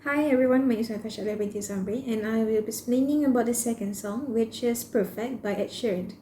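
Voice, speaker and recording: Young malaysian woman explaining her class presentation, casual, mellow voice, echoey room. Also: a little high, quick pace. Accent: Malaysian English. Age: young adult. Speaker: student presenter. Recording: echoey room with faint noise.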